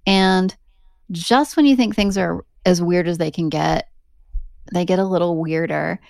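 A woman hosting a podcast, telling an eerie story in a casual, animated way with laughing asides. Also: lowish voice, measured pace, gravelly, no room sound, studio quality. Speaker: podcast host.

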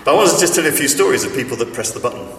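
A man's voice: mid-range voice, lively intonation, racing, a bit bright, recorded from a distance, a little hiss or hum. A man giving a chatty sermon full of stories, with a self-deprecating humor and plenty of fillers and restarts. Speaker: preacher. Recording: echoey hall, speaker off-mic.

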